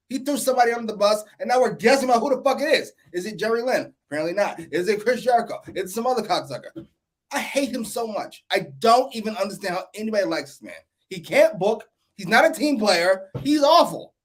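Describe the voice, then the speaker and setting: A man's voice: high-pitched, big pitch swings, fast talker. A man co-hosting a wrestling review, ranting heatedly and swearing constantly. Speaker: co-host. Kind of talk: casual profane ranting.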